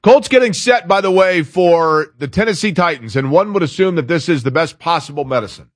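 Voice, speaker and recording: A man's voice: fairly high pitch, animated, a little fast, no room sound, studio quality. Talkative man hosting sports talk. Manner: opinionated, rambling, reads listener emails aloud. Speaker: sports radio host.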